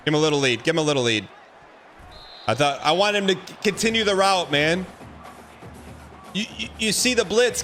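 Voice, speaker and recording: A man streaming a football video game, giving excitable running commentary and repeating phrases as he plays. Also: a little high. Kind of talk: live gameplay commentary.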